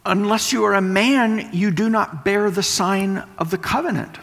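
A man's voice: high-pitched, moderate pace, gravelly, a bit bright. A man preaching a sermon, explaining and repeating points for emphasis. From West Texas. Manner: explanatory, emphatic teaching with repetition. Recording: long hall reverb.

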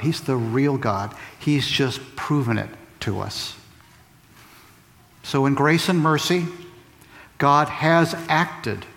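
A man delivering a sermon at an unhurried, deliberate pace, pausing between short phrases. He leans on rhetorical questions and repeats lines for emphasis. His mid-pitched voice carries a long reverb, as if it fills a large hall. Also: a bit bright. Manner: measured preaching with rhetorical questions and emphatic repetition. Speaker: pastor.

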